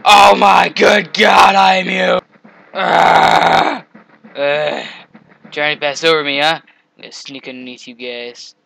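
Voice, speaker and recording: A man playing a video game and commenting, excitable, often shouting and taunting the enemies on screen. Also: a little high, slow pace, creaky, slight background noise, rough recording. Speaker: gamer. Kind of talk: let's play commentary.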